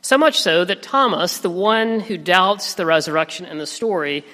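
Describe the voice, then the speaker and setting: A man in his thirties preaching a sermon as pastor, telling a family story in a gentle, reflective way. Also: high-pitched, normal speed. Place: church sanctuary. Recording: reverberant sanctuary.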